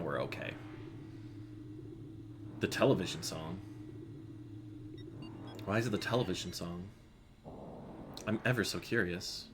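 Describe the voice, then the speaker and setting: Low-voiced male streamer over game music. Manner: chatty, reads chat aloud, mutters to himself. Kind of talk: casual gameplay commentary.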